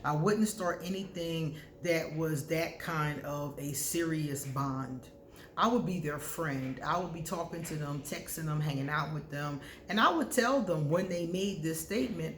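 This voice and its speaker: A woman vlogger giving casual, candid astrology advice to camera, talking freely and breaking into loud laughter. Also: low-pitched, measured pace, roomy sound, slight background noise.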